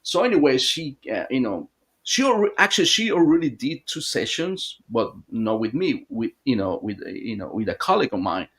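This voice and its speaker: A man guesting on an interview, telling a long story in a halting, rambling way with many restarts. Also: medium pitch, very animated, fairly bright tone. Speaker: hypnotherapist guest.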